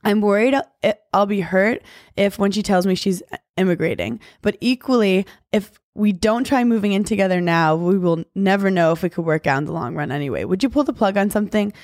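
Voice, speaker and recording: A blunt, candid woman in her twenties, chatting as a podcast guest with plenty of laughter. Her voice sits at a middling pitch and is recorded close and dry. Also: a little fast, a little mellow, no room sound. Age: 20s. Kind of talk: casual chat.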